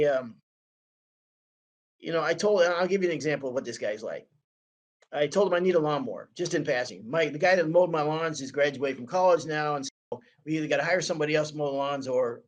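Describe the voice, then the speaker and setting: An older man in his sixties with a slightly high voice, chatting casually as co-host. He tells long, rambling anecdotes, with lots of filler. His delivery is loose and conversational. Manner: rambling, animated anecdotes full of "man" and "you know what I mean". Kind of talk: casual storytelling chat.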